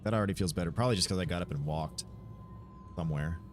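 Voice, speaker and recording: Fast-talking male game streamer, congested. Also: low-pitched, a little hiss or hum. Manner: relaxed, chatty, talks to himself while playing. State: stuffy sinuses. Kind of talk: casual gameplay commentary. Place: home room.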